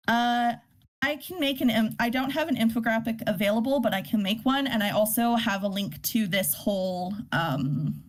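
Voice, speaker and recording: A woman hosting a casual poetry workshop, explaining terms with many fillers and restarts and reading poems aloud. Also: a little high. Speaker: workshop host teaching poetry. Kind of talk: informal live lesson.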